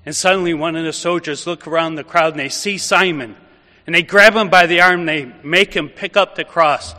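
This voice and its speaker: Priest preaching in a church, bright slightly high voice, long echo, storytelling. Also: male voice, moderate pace. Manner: vivid storytelling turning quiet and reflective. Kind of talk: homily. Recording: echoey church reverb.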